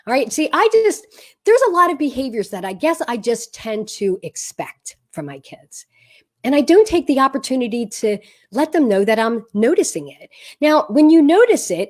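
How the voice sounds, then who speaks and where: A woman parenting coach giving earnest, conversational advice straight to camera, with frequent fillers and restarts. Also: fairly high pitch. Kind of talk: direct-to-camera advice talk.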